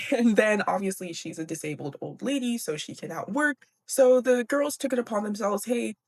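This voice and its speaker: A woman's voice: mid-range voice, expressive, moderate pace. A young woman hosting a book podcast, chatty and giggly, casually swearing as she recaps a classic novel.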